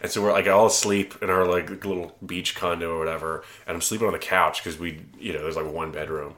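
A man's voice: low-pitched, steady tone, fast, a bit bright. A young man from Alabama, a podcast guest, chatting casually in a rambling way full of fillers and swearing. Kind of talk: casual chat.

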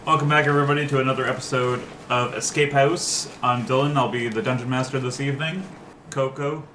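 A man's voice: mid-range voice, steady tone, fast talker, reverberant, over music. A man hosting a tabletop game as Dungeon Master, joking and laughing often.

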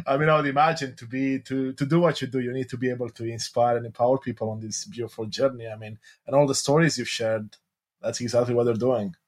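A man's voice: mid-range voice, fairly quick. A man hosting a podcast interview, responding with encouragement. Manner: encouraging, affirming. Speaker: podcast host. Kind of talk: casual interview chat.

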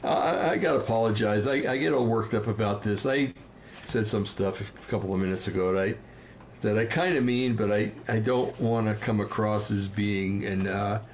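A man's voice: on the low side, normal speed, lo-fi sound, a little hiss or hum. Heated rambling man on a livestream. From New Jersey. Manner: rambling and heated, with frequent fillers and apologies. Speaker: livestream host. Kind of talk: casual livestream commentary.

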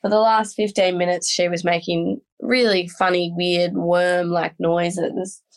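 A young Australian woman with an Australian accent, a guest telling a story in casual, lively talk, with frequent "like" and "um". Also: on the low side, measured pace. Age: young adult.

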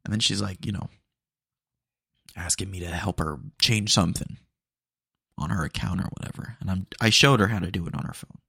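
A man's voice: sits low, fairly even intonation, a little fast, vocal fry, long pauses, bright, forceful tone, husky, no echo, studio quality. A young man hosting a podcast, telling retail stories in a chatty, slangy way with lots of fillers. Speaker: podcast host. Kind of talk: casual storytelling monologue.

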